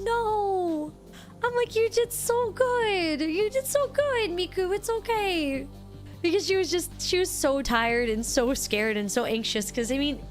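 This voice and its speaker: A young woman streamer telling a story to her chat in a casual, animated way, restarting sentences often. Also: high-pitched. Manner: animated, excitable, lots of restarts and "like".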